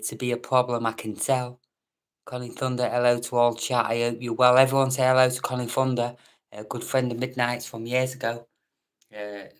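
Bantering British man hosting a live chat. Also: medium pitch. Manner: joking banter, reading out viewer names, some whispered asides. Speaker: live stream chat host. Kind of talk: casual live stream chat. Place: room at home at night.

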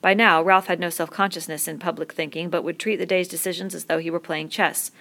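A woman reading a novel aloud in a steady, measured narration. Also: fairly low pitch, creaky. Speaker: audiobook reader.

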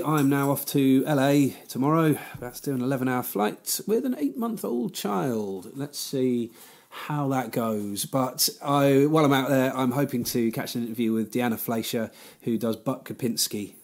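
A man, hosting a podcast in a chatty, rambling way, with lots of fillers and frequent laughter. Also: mid-range voice. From Britain. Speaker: podcast host. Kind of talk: casual podcast outro chat.

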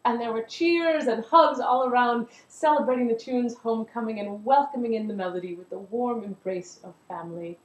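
A woman's voice: fairly high pitch, moderate pace, few pauses, highs cut off. A woman telling a story in a performance, narrating expressively and animatedly. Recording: roomy echo.

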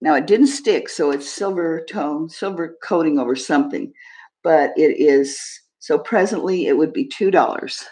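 A woman hosting a live jewelry sale stream, describing pieces in a chatty, unhurried way and talking to viewers. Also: low voice, darkish tone. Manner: chatty, describes items slowly, friendly asides to viewers. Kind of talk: casual live-stream selling.

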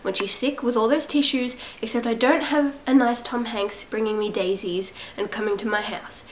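A woman's voice: fairly high pitch, fairly even intonation, moderate pace, background noise. A young woman with a cold, sounding congested, chatting casually to her camera at home in a rambling, self-mocking way. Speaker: vlogger. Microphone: camera set up at home.

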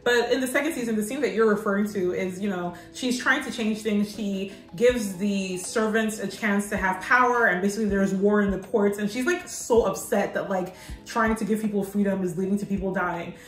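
A woman's voice: medium pitch, a little fast, echoey room, soft background music, poor audio. A woman co-hosting a podcast in casual chat, gushing and laughing often. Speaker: podcast co-host.

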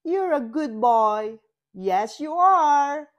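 A woman reading aloud and voicing a kind, gentle male unicorn who speaks sweetly and coaxingly. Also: high voice, expressive, extremely slow, highs cut off, pitched above the performer's own voice, exaggerated voice. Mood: doting.

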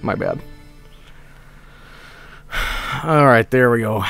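A man's voice: mid-range voice, drawn-out words, gravelly, a bit bright, smooth, dry recording, faint music behind. A man streaming a video game, talking casually with lots of swearing and rambling asides. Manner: rambling, swears a lot, breaks into laughter. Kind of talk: casual live-stream commentary.

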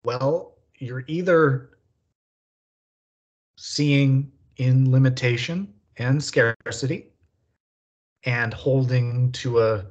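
A man hosting a podcast in casual conversation, speaking slowly and deliberately with long reflective pauses. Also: medium pitch, lo-fi sound. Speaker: podcast host.

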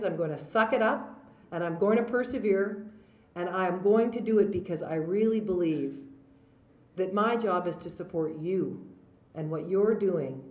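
A woman's voice: mid-range voice, darkish tone. Woman speaking in an echoey hall. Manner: informal, anecdotal, with fillers and restarts. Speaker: provincial premier giving closing remarks. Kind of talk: conversational speech to a conference. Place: large conference hall.

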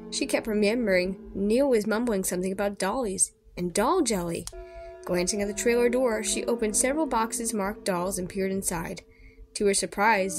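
A woman reading a children's horror story aloud expressively, with small slips and rereads. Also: mid-range voice. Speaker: storybook reader.

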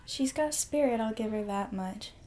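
A woman's voice: fairly high pitch, moderate pace, mellow. A young woman hosting a live reaction video, gushing and reacting aloud with emotion, often dropping to a whisper.

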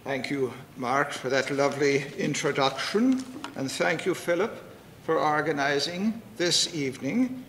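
A man's voice: animated, unhurried, fairly bright tone. A man from the United States who puts on an Irish accent that drifts toward American, joking about himself as he introduces his reading. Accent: put-on Irish, drifting toward American. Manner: self-deprecating, joking storyteller. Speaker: guest poet. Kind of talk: chatty introduction at a poetry reading. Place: library room with long reverb. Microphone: standing mic. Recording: reverberant hall with faint rumble.

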